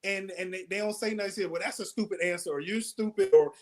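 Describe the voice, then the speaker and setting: Animated storytelling man, higher voice. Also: fast talker. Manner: animated storyteller who acts out quotes in a raised voice. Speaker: comedian guest. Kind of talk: casual interview chat.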